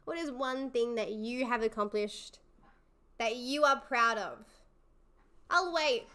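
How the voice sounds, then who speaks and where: A woman's voice: fairly high pitch, a little slow, fairly bright tone, clear, resonant tone. A young woman hosting a livestream, chatting casually with viewers in an effusive, encouraging way and laughing often. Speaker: livestream host. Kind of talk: casual live chat with viewers.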